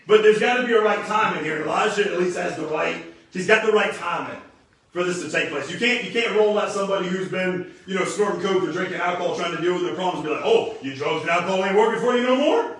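A man preaching a casual, energetic sermon, slangy and animated, often repeating words as he restarts. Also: sits high, fast. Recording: very echoey room, distant mic.

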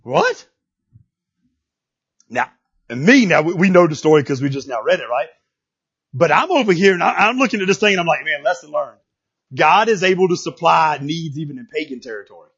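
A man preaching a sermon, animated and playful, acting out characters and rising to shouts. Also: fairly high pitch, a little fast, long pauses, slightly rough, dull audio. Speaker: pastor.

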